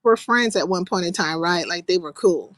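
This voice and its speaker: A woman's voice: lowish voice, animated, normal speed, fairly bright tone, no echo. Blunt, foul-mouthed woman hosting a livestream. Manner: blunt, profane, reads out chat comments. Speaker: livestream host. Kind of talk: casual livestream chat.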